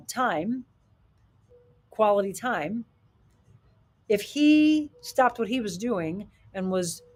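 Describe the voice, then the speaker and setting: A middle-aged woman hosting a live talk show, speaking emphatically with rhetorical questions and reading viewer comments. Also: medium pitch. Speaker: show host.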